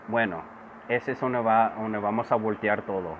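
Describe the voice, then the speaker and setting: A vlogger with a fairly low voice delivers a political monologue at a normal pace, impassioned and repetitive, moving between English and Spanish. The tinny, phone-quality recording carries a buzzing insect noise.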